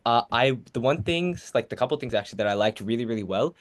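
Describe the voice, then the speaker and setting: A man's voice: mid-range voice, lively intonation, quick pace. A teenage boy presenting an online workshop, giving casual, encouraging feedback with many fillers over a video call.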